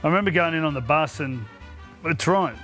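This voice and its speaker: A middle-aged Australian man, a former player now co-hosting a podcast, tells rowdy anecdotes in casual chat, laughing as he goes. His fairly high, expressive voice is bright in tone and a little fast, with soft background music behind him.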